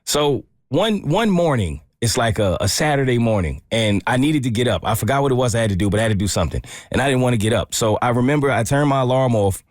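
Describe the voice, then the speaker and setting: A young man, a radio show co-host, telling a story in a relaxed, chatty way. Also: medium pitch, fast talker, hardly any pauses, no room sound, clean studio sound. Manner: relaxed, conversational, with frequent restarts. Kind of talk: casual storytelling on a morning show.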